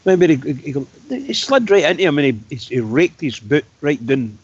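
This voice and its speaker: Husky Scottish man recalling old matches. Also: a little high, sing-song, fairly quick. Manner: reminiscing, storytelling. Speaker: radio co-host. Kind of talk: fan phone-in chat. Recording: dry, dull lo-fi radio sound.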